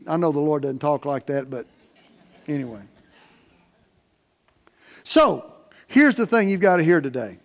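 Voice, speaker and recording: A male pastor preaching with a notably high-pitched voice. His delivery is emphatic and folksy, pushing hard on key words and then dropping into soft, plain-spoken asides to the congregation. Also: expressive, unhurried, long pauses. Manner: emphatic preaching, swings from loud stresses to quiet asides. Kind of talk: sermon.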